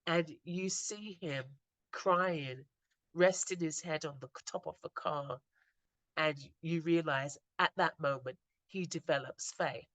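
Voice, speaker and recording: A woman slowly retelling moving stories in an earnest, reflective talk, often stopping and restarting her sentences. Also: deep voice, fairly bright tone, no room sound. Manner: earnest, slow storytelling with frequent restarts. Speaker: inspirational speaker.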